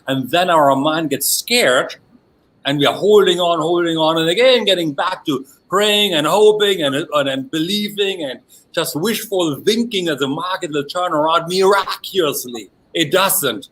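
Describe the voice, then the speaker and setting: Animated German-accented man, high voice. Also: moderate pace, low-quality recording. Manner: animated, repeats filler phrase "along that line". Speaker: NLP trainer and coach. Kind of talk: workshop presentation.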